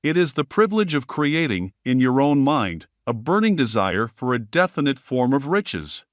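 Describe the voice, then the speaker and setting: A man narrating a self-help audiobook in a steady, measured reading voice. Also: mid-range voice, dry recording, studio quality.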